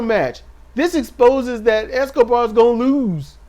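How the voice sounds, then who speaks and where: High-voiced sarcastic man recapping wrestling. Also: animated, measured pace. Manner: sarcastic, mocking impressions in a raised voice. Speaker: wrestling show reviewer. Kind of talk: casual recap commentary.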